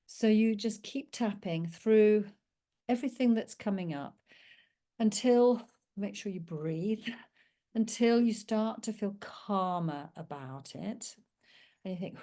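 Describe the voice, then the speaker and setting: A woman, working as a parenting coach, gently and reassuringly explains a calming technique. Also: medium pitch, slow. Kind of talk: talking-head teaching video.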